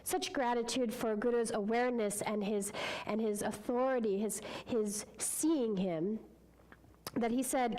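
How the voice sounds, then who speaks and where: A woman's voice: on the high side, steady tone, a little slow, mellow, rough recording. A woman speaker telling a parable in a sermon at a spiritual center, earnest and heartfelt. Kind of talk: sermon storytelling.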